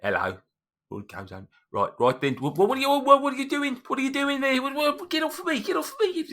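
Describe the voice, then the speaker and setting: A man's voice: very high voice, sing-song, brisk, pushed and bright, voice pushed up, exaggerated voice. A man voicing a panicky, flustered male gnome who stammers. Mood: startled.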